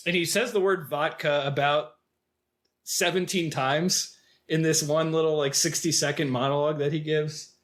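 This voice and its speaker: A man's voice: fairly high pitch, fairly even intonation, normal speed, a bit bright. A man co-hosting a film podcast, rambling in casual talk with lots of filler words. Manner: rambling, heavy use of "like" fillers. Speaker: podcast co-host.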